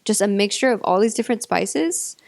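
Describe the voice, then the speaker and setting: A young woman from North Carolina talks in a casual interview with a faint Southern accent. She is bubbly and quick to giggle, and her answers are full of likes and ums. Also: mid-range voice, expressive, gravelly, darkish tone. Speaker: actress, interview guest.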